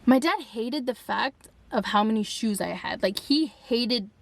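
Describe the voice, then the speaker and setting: A young woman vlogger telling a dramatic story time, animated and emphatic, with lots of filler "like". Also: fairly high pitch, measured pace, creaky. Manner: animated, dramatic retelling with frequent "like". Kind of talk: storytime vlog.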